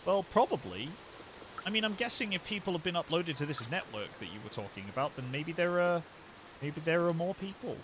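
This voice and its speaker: A man's voice: fairly high pitch, sing-song, fairly quick, background noise. A young man live-streaming a game, chatting casually and joking with his chat. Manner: playful, joking asides to chat. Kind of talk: casual live gameplay commentary. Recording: loud music under the voice. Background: loud game music.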